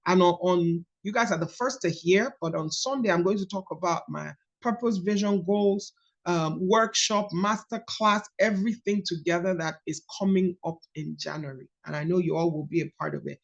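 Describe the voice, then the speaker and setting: A woman's voice: fairly low pitch, normal speed, creaky, highs cut off. A woman leading a book study coaching call, repeating key phrases for emphasis.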